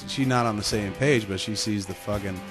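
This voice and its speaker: Podcast host, male, lower voice, casual profane storyteller who mocks himself and acts out quoted voices, music underneath. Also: fairly quick. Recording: music playing behind the voice.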